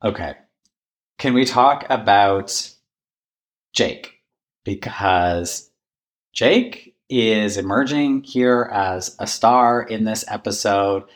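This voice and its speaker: A man co-hosting a podcast, talking through the episode in a casual recap style. His voice sits fairly low, and he reacts quickly to his partner and laughs easily. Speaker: podcast co-host. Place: recorded in person in a room.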